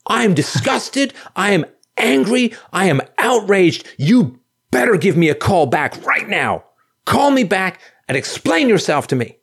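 A shrill, frantic young woman pleads into an answering machine, her voice pitched up high, as a man acts her out. She repeats herself and swings wildly up and down. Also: big pitch swings, measured pace, vocal fry, a bit bright, slightly rough, exaggerated voice. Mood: outraged. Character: upset young woman leaving phone messages.

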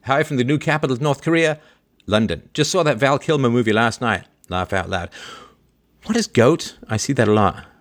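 Animated, joking male livestream host. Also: moderate pace. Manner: playful, joking, laughs often; animated, jumps between high and low pitch. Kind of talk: livestream chat reading out viewer greetings.

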